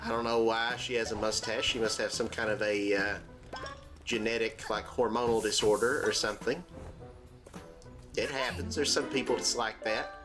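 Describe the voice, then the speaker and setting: A man hosting a let's-play, talking in a rambling, jokey way with many fillers and sudden squeaky exclamations. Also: steady tone, normal speed. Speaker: gaming channel host. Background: game music.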